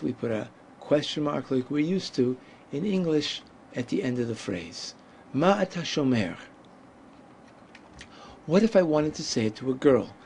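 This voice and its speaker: A man gives a language lesson at a very unhurried pace, stretching out each word and leaving space for listeners to answer. His pitch sits in a middle range, and a faint hum of room noise lies under his voice. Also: a little mellow. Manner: deliberate, drawn-out pronunciation with pauses. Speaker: Hebrew teacher. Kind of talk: slow, patient language lesson.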